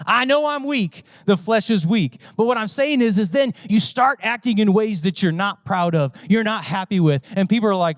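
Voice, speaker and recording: A man preaching a sermon in a conversational style, often repeating phrases and letting his pitch swing widely. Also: expressive, fairly quick, hardly any pauses, no room sound, clean studio sound. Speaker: pastor.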